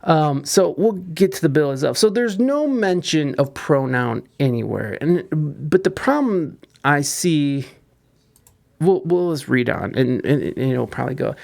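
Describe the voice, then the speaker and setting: Podcast host, man, gravelly edge, rambling and profane with lots of restarts. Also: a little high, lively intonation, measured pace, darkish tone. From United States. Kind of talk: casual commentary on news.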